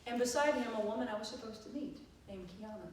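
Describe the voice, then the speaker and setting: A woman minister, telling a lively story in a sermon and acting out the dialogue with laughter. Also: on the high side, quick pace, slight background noise. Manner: animated, acts out dialogue with laughter. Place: church sanctuary. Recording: echoey hall, far from mic.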